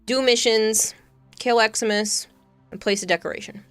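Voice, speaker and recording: A woman's voice: a little high, steady tone, moderate pace, fairly bright tone, clear, resonant tone, faint music behind. A woman streaming a game, chatting casually with friends and reading out chat messages. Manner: chatty, joking, reads chat aloud.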